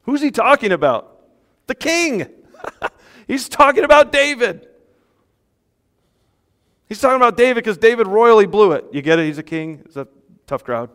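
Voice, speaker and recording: A man's voice: very high-pitched, moderate pace, pauses often. Man preaching in a reverberant hall. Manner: conversational, animated, with jokes and laughs. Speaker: pastor. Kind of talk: sermon.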